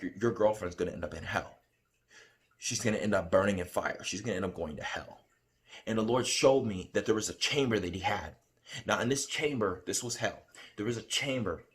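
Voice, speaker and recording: Earnest rambling man telling a dream. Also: fairly bright tone. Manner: earnest, rambling, repeats himself; hums a tune with rising pitch. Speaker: vlogger recounting a dream. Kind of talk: casual spoken storytelling.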